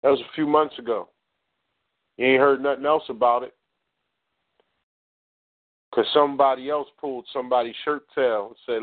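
A man's voice: mid-range voice, fairly even intonation, moderate pace, pauses often, dry recording. Man talking radio over a phone line. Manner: conversational and emphatic, addressing listeners directly. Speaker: talk radio co-host. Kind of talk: casual talk radio commentary. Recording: dry, tinny phone line.

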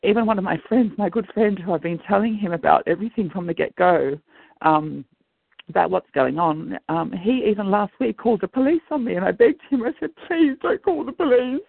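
A man's voice: high voice, brisk, creaky, no echo. A middle-aged man giving a rambling, earnest, agitated personal account over a phone line. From Australia. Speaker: guest. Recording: dry tinny phone-like line.

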